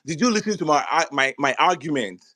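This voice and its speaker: A man's voice: a little high, lively intonation, fairly quick, crowd noise. A man from Nigeria arguing politics in an online audio discussion, emphatic and repeating his phrases for weight. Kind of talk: heated political debate.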